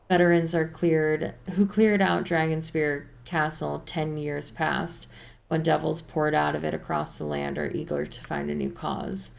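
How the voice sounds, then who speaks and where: A weary refugee telling grim news in a quiet, slow and solemn way, as a woman reads the part. The voice is low and gravelly, like a fantasy game's dialogue read aloud. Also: heavily acted.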